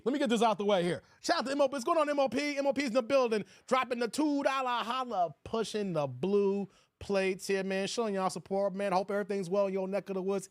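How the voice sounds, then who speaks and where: A fairly high-pitched man hosts a casual live reaction stream, cracking jokes in an animated way and thanking viewers for their donations. The sound is dry and close to the mic. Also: dry recording. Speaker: YouTube commentary host.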